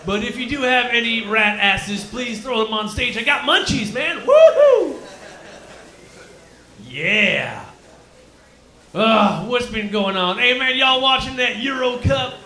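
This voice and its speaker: A man's voice: very high-pitched, measured pace, pushed and bright, exaggerated voice. A man doing a stoned Texan cobra. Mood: stoned rowdy. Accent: Texan, put on. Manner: drawling, rambling stoner banter with whoops. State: claims to be high, cotton mouth. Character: stoned crude male Texan cobra, drawling. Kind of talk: live stand-up character bit. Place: comedy lounge stage, live. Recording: roomy live club room.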